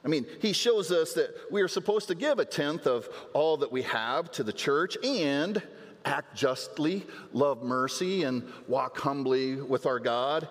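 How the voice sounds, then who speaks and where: A man's voice: fairly high pitch, measured pace. A man preaching a sermon as pastor, earnest, often repeating words as he restarts a phrase. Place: church sanctuary. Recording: long church hall reverb.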